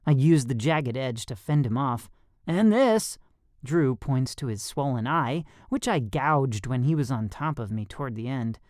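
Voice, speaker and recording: A man narrating a young adult thriller audiobook in first person, expressive and lively. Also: mid-range voice, normal speed, hardly any pauses, dry recording, studio quality.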